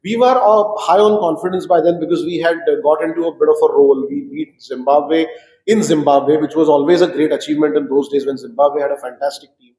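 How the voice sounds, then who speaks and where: A man recalling old cricket matches in an animated, storytelling way, with frequent fillers. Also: on the high side, brisk. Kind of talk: reminiscing conversation. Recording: roomy echo.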